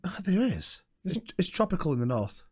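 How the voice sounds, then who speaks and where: A man's voice: very animated, a little fast, a little mellow, slightly rough. A man co-hosting a comedy podcast, chatting casually, rambling and swearing freely. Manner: rambling, swears freely, goes up into squeaky joke voices.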